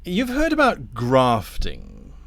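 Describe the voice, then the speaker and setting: A man voicing a smooth, polite devil who offers scheming deals in a tabletop game. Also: medium pitch, huge pitch swings, slow, fairly bright tone, heavily acted. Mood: persuasive. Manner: polite, silky, persuasive.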